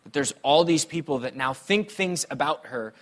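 A man's voice: fairly high pitch, moderate pace. A male pastor preaching a sermon, telling personal stories in a conversational, playful way. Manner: conversational, animated storytelling with playful humor.

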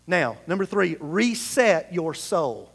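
High-voiced preacher in a reverberant hall. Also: male voice, sing-song, slow, vocal fry, slightly rough. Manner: leads the congregation in call-and-response scripture reading. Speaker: pastor. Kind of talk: sermon. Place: church sanctuary. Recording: long reverb of a large hall.

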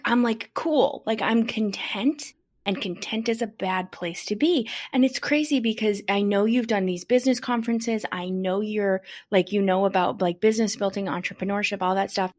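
Eager woman host relating to a guest. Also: mid-range voice. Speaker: podcast host. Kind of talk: casual conversation.

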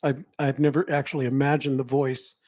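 A man's voice: mid-range voice, little pitch movement, brisk, a little mellow, dry recording. A man co-hosting a podcast, dropping dry, teasing comments during a reading. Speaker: podcast co-host. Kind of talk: casual chat.

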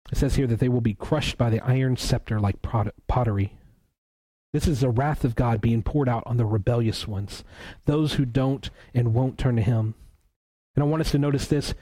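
A male pastor preaching a sermon in an earnest, emphatic way, reading scripture aloud slowly. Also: medium pitch, warm tone, poor audio.

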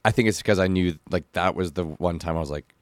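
A man chats casually as a podcast co-host and gym coach, speaking in short, laid-back remarks. His voice sits low, and the studio sound is dry. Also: fast, no echo. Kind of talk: casual chat.

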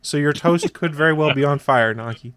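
A man hosting a podcast in a relaxed, wry way, his voice sitting a little high. The sound is dry and close, with no room around it. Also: brisk, no room sound. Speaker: podcast host. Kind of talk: casual chat.

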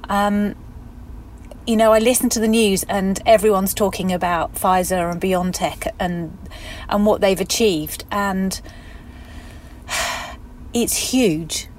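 A woman's voice: mid-range voice, measured pace, long pauses, darkish tone, a little hiss or hum. A middle-aged English woman keeping a casual spoken diary, chatty and emotional, sighing and laughing between thoughts. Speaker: florist keeping an audio diary. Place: at home and in a van.

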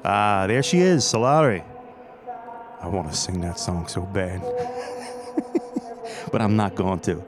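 Chatty, nostalgic man, low voice. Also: lively intonation, measured pace, long pauses, music in the background. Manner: chatty, nostalgic, joking asides. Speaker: podcast host. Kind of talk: on-location audio diary. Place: indoor train station concourse.

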